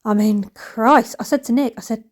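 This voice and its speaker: A woman's voice: fairly high pitch, moderate pace, a little mellow. A woman in her thirties, chatting frankly and rambling as she narrates her home cleaning. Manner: rambling, frank, self-mocking. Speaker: cleaning vlogger. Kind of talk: casual chatty voice-over while cleaning.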